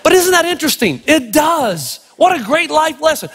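A middle-aged man preaches with a strikingly high voice and tells stories in an animated, playful way. His words ring out in a large hall with a long reverb tail. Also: normal speed. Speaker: pastor. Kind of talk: sermon.

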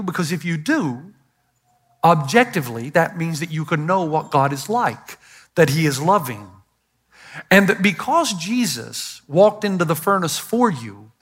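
An older man, a pastor, preaching a sermon to a congregation, telling stories and driving his points home with loud emphatic lines and quiet asides. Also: high voice, husky. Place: church auditorium. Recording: live sermon in a large hall with long reverb.

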